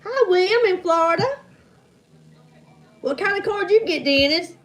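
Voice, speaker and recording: A woman in her fifties with a high voice runs a casual livestream trivia night. She chats easily with her viewers and calls them hon and honey as she says hello to each one by name. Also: animated, a little slow, slight background noise. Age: 50s.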